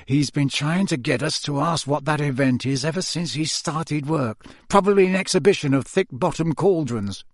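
Man voicing a muttering teenage boy, wry and hushed, dry close sound. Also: on the high side, moderate pace, hardly any pauses, dry recording, close to an everyday voice.

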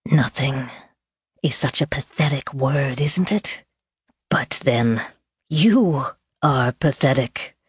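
Woman doing a sneering storybook villain: male, slow, husky, low. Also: no echo, studio quality, exaggerated voice. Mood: sinister. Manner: slow, hissing, contemptuous. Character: sinister sneering male trader, cruel and scornful.

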